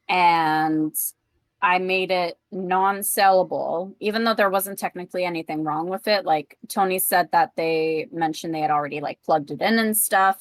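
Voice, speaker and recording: A woman's voice: on the low side, dry recording. A woman chatting casually with her tabletop group, venting about work, swearing freely and quoting her coworkers in a rush. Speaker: player. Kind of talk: casual chat, telling a work story.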